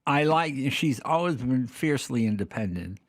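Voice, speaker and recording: An older man talking as a podcast guest, telling stories casually and acting out the people in them with lively voices. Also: medium pitch, moderate pace, dry recording, studio quality. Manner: acts out the dialogue in lively voices. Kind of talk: casual storytelling.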